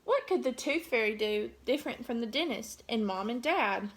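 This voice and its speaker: A woman teacher reading a picture book aloud to children, pausing to ask gentle questions. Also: a little high, lively intonation.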